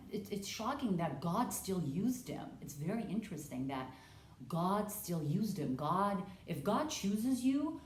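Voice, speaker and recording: A woman leads a casual Bible study, earnestly explaining scripture in a conversational way, stumbling and restarting, and acting out the dialogue as she goes. Her medium-pitched voice has a darkish tone, and the room is echoey.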